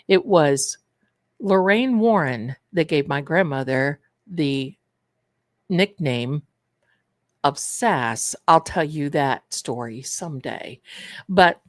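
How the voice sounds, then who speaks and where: A woman's voice: low voice, no echo. A woman hosting a manifestation and tarot show, telling stories in a casual livestream chat and calling her viewers darlings. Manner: chatty storyteller, addresses viewers as darlings.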